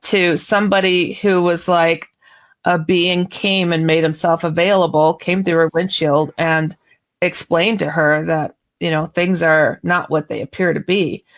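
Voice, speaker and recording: Woman guest author, lower pitch, animated chatty storyteller, radio interview. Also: unhurried. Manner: animated, chatty, laughs while telling.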